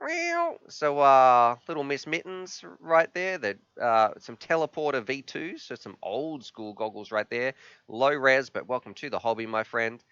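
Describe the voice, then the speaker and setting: A man hosting a live stream, chatting casually and reading chat messages aloud, sometimes halting with emotion. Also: medium pitch, a bit bright, clean tone, dry recording. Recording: slightly dull, dry sound.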